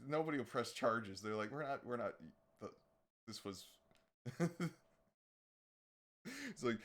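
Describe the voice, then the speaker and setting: A man's voice: medium pitch, expressive, takes it slowly, pauses often, fairly bright tone. A young man commenting casually on videos during a live stream, mocking and swearing freely and laughing often.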